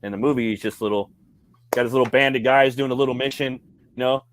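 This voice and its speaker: A man's voice: mid-range voice, steady tone, quick pace, slight background noise. A man co-hosting a casual movie chat, rambling and swearing a lot, with frequent "you know what I mean". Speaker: co-host. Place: convention livestream.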